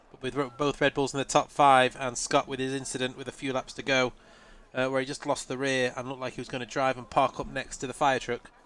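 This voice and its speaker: A man commentates a live sim-racing stream with a nasal, congested voice from a lingering cold. He keeps a chatty, easygoing tone at a middling pitch, often laughing and replying to his audience. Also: level tone, brisk, a bit bright. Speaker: race commentator.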